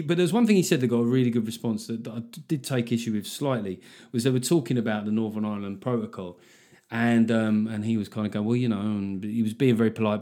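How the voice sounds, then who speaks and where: Man, comedian host, rambling solo podcast, swears a lot, mid pitch. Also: warm tone. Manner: rambling, sweary, self-mocking.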